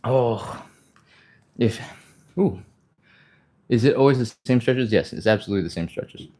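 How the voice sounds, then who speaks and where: A man hosting a live stretching stream, talking fast and upbeat, laughing often as he walks viewers through each move. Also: mid-range voice, dark tone. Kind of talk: live workout instruction.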